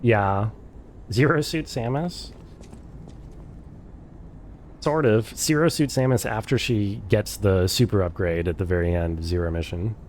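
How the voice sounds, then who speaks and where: A man's voice: fairly low pitch, unhurried, pauses often, a little mellow, slight background noise. A man streaming a game, chatting casually with viewers, sarcastic and swearing freely. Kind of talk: casual live game commentary. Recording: game music playing behind the voice.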